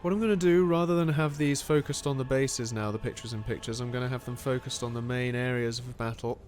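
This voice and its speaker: A man giving excitable, animated play-by-play commentary on a strategy game. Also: medium pitch, brisk, faint music behind.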